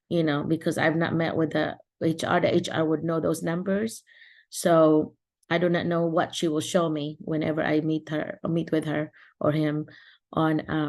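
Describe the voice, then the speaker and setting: A woman's voice: sits low, little pitch movement, moderate pace, creaky. A middle-aged woman from the Philippines hosting an online support session, giving casual advice over a video call with many restarts and fillers.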